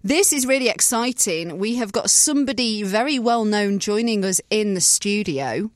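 A British woman co-hosting a chatty podcast with a teasing, deadpan manner. Her voice sits mid-range and sounds dry and close to the microphone. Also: mid-range voice, normal speed, no echo. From Britain. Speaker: podcast co-host. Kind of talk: prank call and casual chat.

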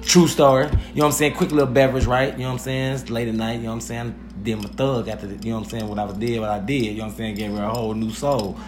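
A man's voice: mid-range voice, level tone, very fast, hardly any pauses, roomy sound, over music. A man co-hosting an online radio show, telling a story in a laid-back way and often saying "you know what I'm saying". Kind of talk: casual storytelling chat.

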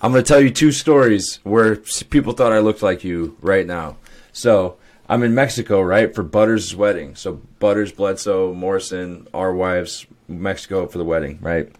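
A man's voice: low voice, normal speed. A young adult man co-hosting a podcast, telling loose stories with laughs and swearing. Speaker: podcast co-host. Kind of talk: casual chat.

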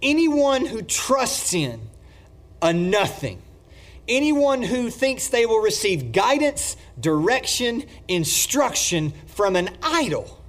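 A man preaching a sermon emphatically, swinging between loud declarations and hushed lines. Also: extremely high pitch, big pitch swings, takes it slowly.

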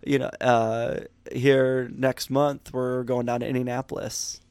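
Hoarse, gravelly-voiced tired man. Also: medium pitch, level tone, a little slow, a little mellow, no room sound. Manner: easygoing, storytelling. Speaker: podcast co-host. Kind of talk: casual chat.

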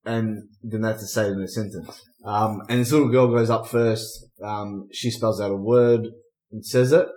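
A man's voice: fairly low pitch, steady tone, moderate pace, warm tone. Rambling man telling a joke. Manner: rambling, loses his place. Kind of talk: casual chat, telling jokes. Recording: echoey room.

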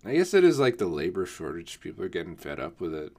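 A man's voice: low-pitched, huge pitch swings, fast, a little mellow. A man rambling in a casual solo podcast, swearing often and laughing at himself. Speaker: podcast host. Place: home, not on camera.

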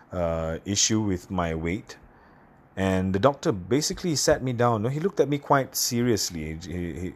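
Candid man telling stories. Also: lowish voice. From Singapore. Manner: candid, halting, self-deprecating storytelling. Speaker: podcast host. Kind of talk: casual personal monologue.

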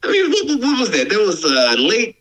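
A man co-hosting a podcast, chatting in a rambling, animated way. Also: sits high, normal speed, a crowd in the background, rough recording. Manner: animated, rambling, with laughs and restarts. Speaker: podcast co-host. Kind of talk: casual chat.

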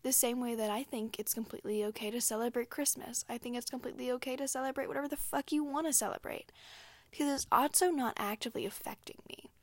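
A woman's voice: a little high, no echo. Frank, profane young woman venting. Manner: candid, profane and emphatic, with frequent "like" fillers. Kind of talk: casual solo talk.

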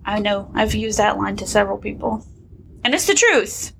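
A woman in her thirties co-hosting a casual podcast chat, warm and self-deprecating. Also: medium pitch, lively intonation, normal speed, creaky, a little hiss or hum. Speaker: podcast co-host.

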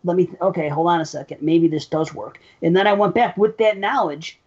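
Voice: medium pitch, a little fast, darkish tone, slightly rough. A speaker giving strong, profane opinions in a casual film discussion. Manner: emphatic, swears often, opinionated. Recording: slightly dull audio.

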